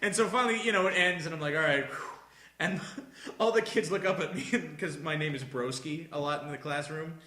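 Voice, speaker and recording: A man's voice: a little high, a little fast, sharp tone, echoey room. A young man co-hosting a casual podcast, telling stories from substitute teaching and acting out quoted voices with laughter. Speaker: podcast co-host. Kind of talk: casual storytelling among friends.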